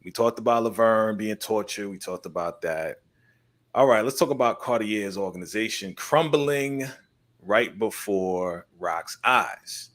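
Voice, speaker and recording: A man hosting a casual TV recap chat, lively and acting out characters' lines as he goes. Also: fairly low pitch, a little slow. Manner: animated, acts out characters' lines. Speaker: host.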